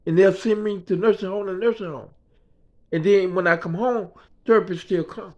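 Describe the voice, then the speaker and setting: Speaking at normal speed in a high-pitched voice, a male vlogger casually recounts his hospital stay from his room there, rambling and frequently adding "you know what I mean." The recording is dull and lo-fi.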